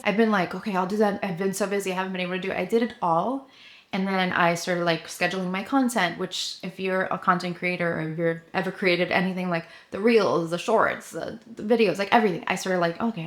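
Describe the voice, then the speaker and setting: A woman's voice: medium pitch, fairly even intonation, fast talker. A woman in her thirties giving a casual motivational talk to camera, chatty and full of fillers, acting out her own inner voice. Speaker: vlogger, coach for ambitious women.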